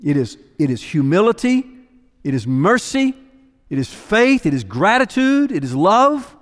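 A male pastor with a notably high voice delivers an emphatic sermon, repeating key phrases and swinging from quiet intensity to raised proclamation. His words ring through the long reverb of a large church sanctuary. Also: big pitch swings, measured pace.

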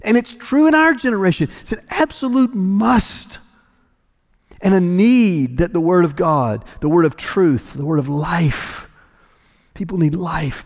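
High-voiced man preaching in an echoing hall. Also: expressive, measured pace. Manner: emphatic, repetitive preaching cadence. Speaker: pastor. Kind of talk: sermon.

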